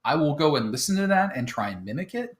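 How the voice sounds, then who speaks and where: A man's voice: fairly high pitch, very animated, fast talker. A man running a tabletop game who talks a lot and mocks himself, explaining the rules casually with lots of ums. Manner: talkative and self-deprecating, with many fillers. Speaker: game master.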